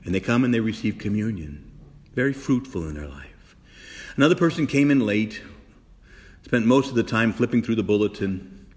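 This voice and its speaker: A man preaching from the altar, his voice leaping around with lively, expressive pitch. He fires question after question at the congregation, sometimes loud and excited, sometimes dropping to a hush. A long reverb rings through the large church. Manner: animated preaching, swinging from loud exclamations to hushed whispers; asks the congregation many rhetorical questions. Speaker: Catholic priest. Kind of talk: sermon.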